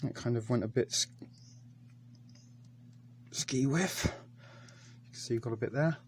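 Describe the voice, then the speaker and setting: A man's voice: medium pitch, measured pace, darkish tone, a little hiss or hum. A man casually reviewing a ration pack on camera, talking in a hesitant, chatty way with many ums. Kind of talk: casual food review vlog.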